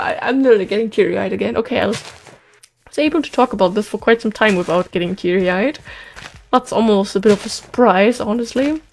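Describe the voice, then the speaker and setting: A woman's voice: mid-range voice, fairly quick, soft background music. A young woman hosting a gameplay video, chatting in a rambling, emotional way and sounding worn out after a concert. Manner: rambling, excitable, emotional, with restarts and sighs. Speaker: let's play host. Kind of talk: casual chat while gaming.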